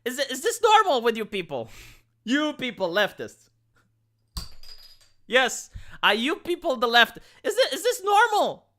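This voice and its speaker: A man from Romania reacts on a live stream in loose, casual commentary. His voice is bright and swings widely in pitch. He stammers, restarts and leans heavily on filler words. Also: very animated, unhurried, long pauses.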